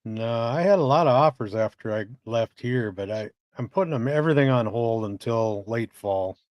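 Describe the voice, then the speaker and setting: A man's voice: mid-range voice, normal speed, dry recording, highs cut off. A man co-hosting a casual live-stream chat, laid-back and swearing freely while reading chat messages aloud. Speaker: co-host.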